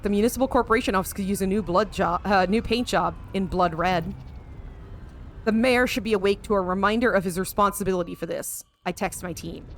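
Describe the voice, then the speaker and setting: An American woman streams a game live, speaking fast in a mid-range voice with slight background noise. She reads the game's text aloud with dramatic emphasis and chats casually with viewers, swearing now and then.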